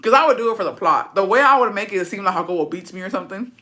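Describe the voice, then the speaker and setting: Young woman streamer, bright and brash, swears freely while chatting with her viewers. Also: mid-range voice, expressive, rapid-fire. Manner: brash, profane, blunt. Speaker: livestreamer. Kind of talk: casual chat answering viewer comments.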